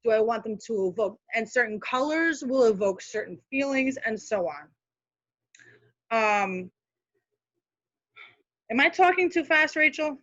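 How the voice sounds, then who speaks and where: A woman's voice: a little high, expressive, a little slow, long pauses, fairly bright tone, no echo, highs cut off. A woman speaking as a guest social media manager, giving casual, practical tips on a live video call with many fillers and asides.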